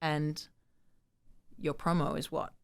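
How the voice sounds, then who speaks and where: A woman, telling her story as an interview guest in an animated way, acting out quotes and using lots of fillers. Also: low voice, slow, creaky. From Sydney, Australia. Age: 20s.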